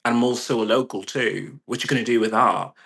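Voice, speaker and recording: Guy venting at home, bright tone, swears a lot, rambles. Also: medium pitch, fairly quick, gravelly, slightly rough. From California. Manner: profane, rambling, animated quoted voices. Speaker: vlogger. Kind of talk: casual ranting vlog. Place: indoors at home with a puppy.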